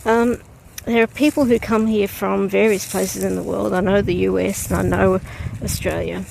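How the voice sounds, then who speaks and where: A woman's voice: medium pitch, flat delivery, moderate pace, vocal fry, a little mellow, a little hiss or hum. A woman talking casually and reflectively to her camera as she walks through an outdoor cemetery on a breezy day. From from outside Poland. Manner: reflective, chatty, with frequent ums. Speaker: vlogger. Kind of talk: casual vlog walk-through. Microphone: handheld camera.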